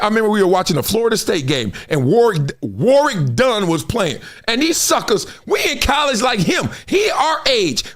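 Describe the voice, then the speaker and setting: A middle-aged man from Compton, hosting a livestream and telling stories in slangy, animated talk. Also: very high voice. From Compton, Los Angeles. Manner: storytelling, slangy, acts out others' voices. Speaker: host.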